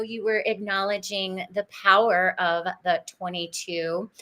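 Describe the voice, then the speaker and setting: A woman's voice: mid-range voice, fairly bright tone. A woman hosting a podcast, talking in an effusive, spiritual, chatty way. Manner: effusive, sings her show jingle. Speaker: podcast host. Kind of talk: casual spiritual podcast chat.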